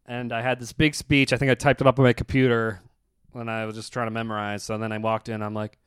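A young adult man chatting casually on a podcast, telling animated stories, laughing often and acting out other people's voices. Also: medium pitch, fast talker, clean tone, no echo, clean studio sound. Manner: animated storyteller, laughs a lot, acts out quoted voices.

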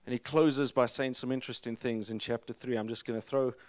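A man preaching a sermon as pastor, energetic and emphatic, with jokes to the congregation. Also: mid-range voice, a little fast, no room sound.

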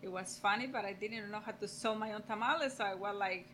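Bright-voiced woman. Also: mid-range voice, fast, slight background noise, rough recording. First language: Spanish. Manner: laughing, repeats words, animated. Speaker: podcast guest, host's mother. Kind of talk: casual chat.

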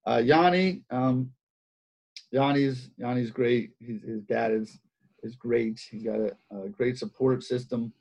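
A man's voice: medium pitch, fairly even intonation, measured pace, creaky, a little mellow, breathy edge. A man who coaches wrestling, telling stories in a casual interview with lots of repeated phrases and fillers. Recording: dull lo-fi sound.

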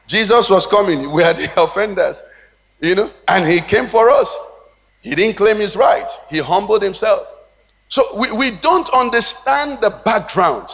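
A man with a high, fairly bright voice and a Nigerian English accent preaches a sermon in a church hall. He uses a rhythmic cadence and call-and-response questions to the congregation, and the hall's long reverb is audible.

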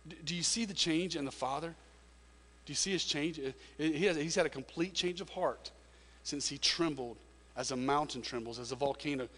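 A man's voice: fairly high pitch, brisk, fairly bright tone, big-room sound. A man preaching a sermon as a pastor, earnest and emphatic, often repeating words as he goes.

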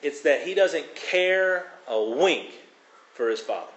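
A man preaching a sermon, expounding on scripture with expressive emphasis and dramatic quotes. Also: on the high side, takes it slowly. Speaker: pastor. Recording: echoey room.

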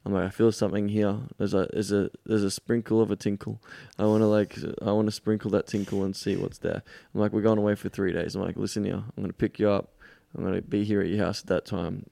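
Fast-talking gravelly man. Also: on the low side, flat delivery, mellow, dry recording. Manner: fast, swearing, storytelling. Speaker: podcast host. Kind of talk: casual chat.

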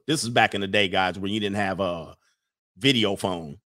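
A man, riffing in casual comedic commentary with animated, laughing, slangy storytelling. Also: medium pitch, fairly quick. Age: 40s.

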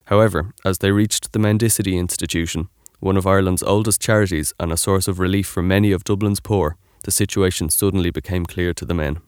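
A man giving scripted documentary narration in an even, informative way. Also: low-pitched, brisk, hardly any pauses, clean tone, no room sound, clean studio sound.

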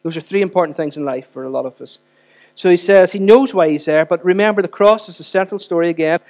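High-voiced pastor preaching with mains hum. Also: male voice, fast, a little mellow. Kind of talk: sermon. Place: church.

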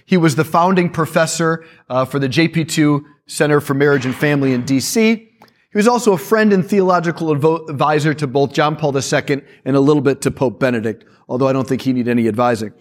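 Lively storytelling priest, man. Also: fairly high pitch, quick pace. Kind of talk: talk to a church audience.

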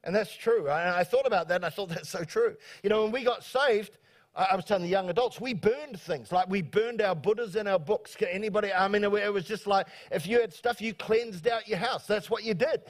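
A man's voice: high-pitched, fairly quick. A middle-aged male pastor preaching a sermon in a church, who stumbles and repeats words and calls out for amens from the congregation. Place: church sanctuary.

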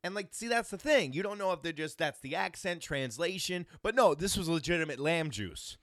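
Animated, foul-mouthed male podcast host. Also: on the high side, a little fast, no echo, studio quality. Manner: crude, animated, swears freely. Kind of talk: casual comedic chat.

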